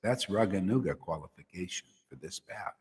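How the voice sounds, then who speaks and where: A man's voice: sits low, expressive, moderate pace, darkish tone. A man giving a devotional sermon as a spiritual teacher, exhorting and colloquial. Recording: reverberant hall.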